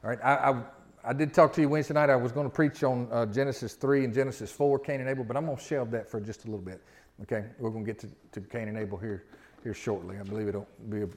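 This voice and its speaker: A man preaching a sermon in a conversational way, reading scripture slowly and having the congregation repeat lines after him. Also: medium pitch, darkish tone. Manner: conversational preaching, leads call-and-response; slows down when reading scripture. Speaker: pastor.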